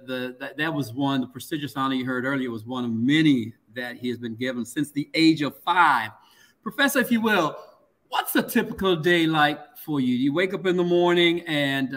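A man interviewing a guest, halting and repeating words as he searches for his phrasing. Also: on the high side, fairly bright tone. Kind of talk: interview questions.

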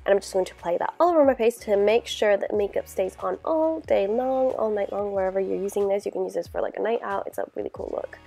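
A woman's voice: medium pitch, fast talker, vocal fry, hardly any pauses, mellow. Congested young woman chatting casually. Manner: chatty, rambling, lots of "like" and "you know". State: congested from a cold. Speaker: beauty vlogger. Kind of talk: casual makeup tutorial talk.

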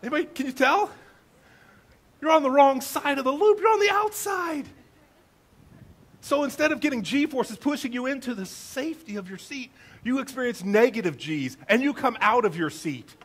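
Animated high-voiced pastor. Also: male voice, moderate pace. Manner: animated, self-mocking storyteller. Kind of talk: humorous storytelling sermon.

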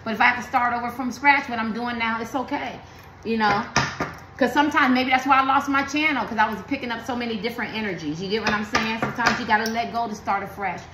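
A woman's voice: fairly high pitch, quick pace, echoey room, noisy background. A woman giving a blunt, emphatic tarot reading, talking in slang and preaching to her viewers. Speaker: tarot card reader.

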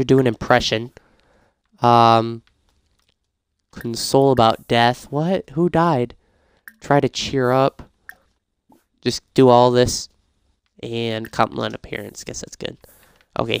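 A man talks through a life-sim game in casual let's-play commentary, narrating what his characters do and reading prompts aloud. His voice is smooth and clear, at a middle pitch, recorded dry and close to the mic. He swings easily into loud, exasperated outbursts. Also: no echo. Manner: reads game prompts aloud, grows frantic and shouty. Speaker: gaming YouTuber.

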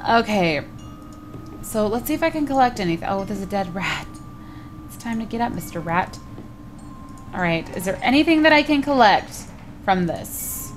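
A woman gives chatty, casual commentary while playing a video game, talking straight to her viewers. Her voice sits at a middle pitch and jumps up whenever something startles her. A faint hiss runs underneath. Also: animated, normal speed. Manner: chatty, addresses viewers, exclaims in surprise. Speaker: gaming video host. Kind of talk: casual let's play commentary.

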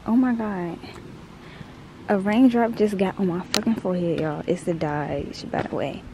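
A woman's voice: lowish voice, moderate pace. A woman in her late teens talking casually to her phone camera in a vlog, chatty and often dropping to a whisper. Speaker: vlogger. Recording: noisy phone recording.

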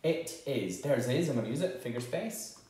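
A man teaching a children's phonics lesson, sounding out words slowly and cheering the children on. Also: medium pitch, animated, warm tone. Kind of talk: home-learning phonics lesson. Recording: very echoey room.

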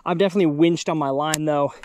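Excitable high-voiced young man fishing outdoors. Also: fast talker, no echo. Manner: excitable, exclaiming often. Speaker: fishing video host. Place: outdoors at a pond.

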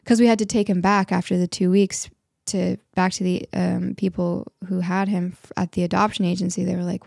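A young woman guest on a podcast telling a story in a casual, animated way, acting out what people said. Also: mid-range voice, normal speed, vocal fry, no echo, clean studio sound. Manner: animated, acts out quotes, many likes and restarts.

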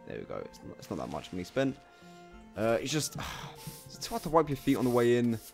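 A man doing casual let's play commentary, talking to himself and bursting into loud swearing exclamations. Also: medium pitch, big pitch swings, brisk, faint music behind. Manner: chatty self-talk, swearing, bursts of exclaiming. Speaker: gameplay commentator.

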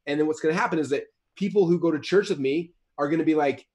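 A man's voice: a little high, fast talker, darkish tone. A man in his thirties, a guest author in a casual interview, talking in a rambling way with many restarts and repeated words.

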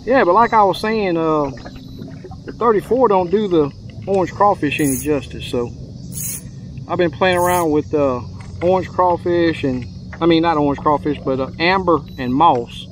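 A man's voice: a little high, moderate pace, slight background noise. A man, chatting casually to viewers while fishing from a boat on a lake. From Texas. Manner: chatty, drawling, addresses viewers as y'all. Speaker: fishing guide. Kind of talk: casual fishing vlog commentary.

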